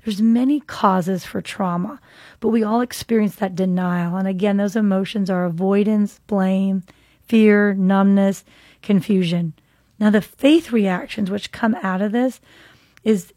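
A woman's voice: mid-range voice, mellow, no room sound, clean studio sound. Earnest woman teaching faith-based healing. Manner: earnest, reflective, quotes scripture slowly. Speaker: podcast host and counselor.

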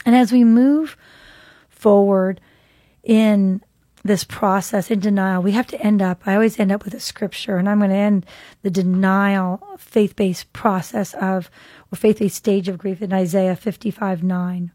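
A woman's voice: medium pitch, fairly even intonation, mellow, no room sound. Woman, podcast host, earnest faith-based talk, reflective, dry close sound. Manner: earnest, reflective, quotes scripture slowly. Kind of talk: faith-based teaching monologue.

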